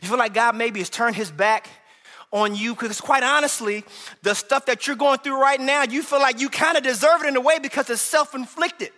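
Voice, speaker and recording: A man preaching a sermon in a church, impassioned and conversational, sometimes rising to shouts. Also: very high-pitched, normal speed. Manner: impassioned, rising to shouts when voicing cries to God. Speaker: pastor. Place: large church hall. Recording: echoey hall reverb.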